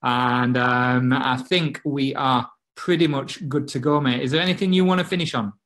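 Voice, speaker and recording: A man's voice: medium pitch, fairly even intonation, moderate pace, fairly bright tone. A man with a British accent co-hosting a live marketing stream, chummy and encouraging as he gives viewers their next steps. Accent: British English. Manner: chummy and encouraging, says mate. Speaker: co-host of a marketing webinar. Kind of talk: casual live-stream sales talk.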